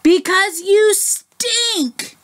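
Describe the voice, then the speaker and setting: A woman's voice: mid-range voice, very animated, takes it slowly. A woman voicing a kindly but insistent female bear in a children's story, in a sing-song way.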